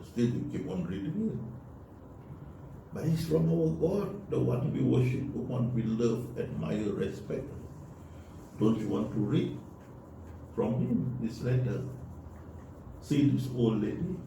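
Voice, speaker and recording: A man's voice: fairly low pitch, warm tone. A man giving an earnest religious talk, urging listeners and repeating key points. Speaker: religious speaker. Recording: echoey room, voice from far off, faint noise.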